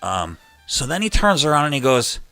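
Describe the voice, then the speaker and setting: A middle-aged man hosting a live chat show, telling a long story in a loose, animated way and acting out the people in it. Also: mid-range voice, moderate pace, dry recording, soft background music. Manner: rambling, animated retelling with quoted voices. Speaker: host.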